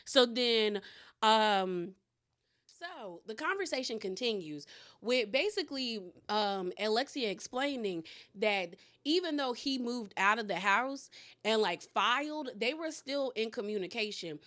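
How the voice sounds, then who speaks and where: A woman's voice: on the high side, animated, measured pace, fairly bright tone. A young woman giving a casual, opinionated recap of a reality show, often acting out what the cast members said. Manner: chatty, opinionated, quotes others in character voices.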